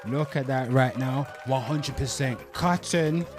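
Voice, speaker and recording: A man's voice: mid-range voice, measured pace, a crowd in the background. Brash crude man hosting. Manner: crude, repetitive, hypes merch, keeps calling out "people". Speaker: host. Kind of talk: brash comedic channel talk.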